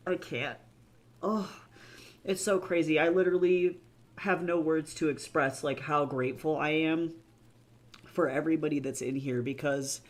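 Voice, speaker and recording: A man livestreaming to his viewers, teary and gushing, rambling and swearing freely in casual chat from his home office. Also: a little high. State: teary, on the verge of crying. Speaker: author and livestreamer.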